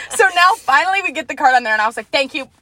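A young woman co-hosting a podcast in casual chat, telling an animated story and laughing often. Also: high voice, dry recording. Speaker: podcast co-host.

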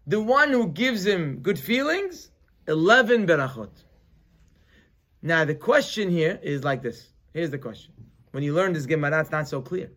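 A man teaching a weekly Torah class as a rabbi. He tells the story in an animated way, swinging between loud emphasis and quiet asides, and he sprinkles Hebrew terms into his English. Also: sits high.

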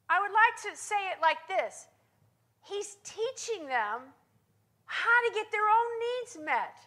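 Woman preacher, unhurried, with a bright and forceful tone. She is emphatic and keeps checking in with the room. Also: extremely high pitch. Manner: emphatic, often checks in with listeners. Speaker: Bible teacher. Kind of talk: sermon-style teaching.

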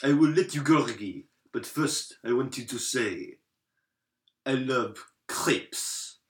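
A man's voice: mid-range voice, animated, slow pace. A man putting on a mocking voice as a sneering man who taunts a captive. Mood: taunting. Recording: roomy echo.

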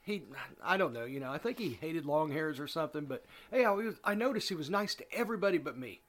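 A man's voice: fairly high pitch, lively intonation, quick pace, fairly bright tone. A middle-aged man hosting a comedy show, telling rambling, profane stories and laughing often. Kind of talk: casual comedic storytelling.

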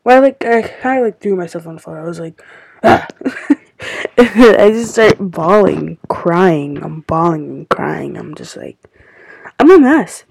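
A woman's voice: lowish voice, lively intonation, a little slow, gravelly, a little mellow, husky, dry recording, poor audio. A woman hosting a casual confessional podcast, rambling with lots of filler words and sometimes dropping almost to a whisper. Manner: rambling, heavy use of "like" fillers; drops to a near-whisper at times. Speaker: podcast host.

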